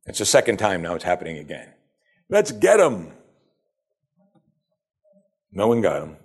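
A man's voice: low voice, fast talker, husky. A man preaching a sermon in a conversational way, acting out the people he quotes. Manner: conversational, acts out quoted speakers. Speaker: preacher teaching from scripture.

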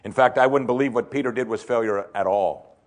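A man preaching a sermon, swinging between loud emphasis and hushed tones and repeating phrases for effect. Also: medium pitch, brisk. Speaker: pastor.

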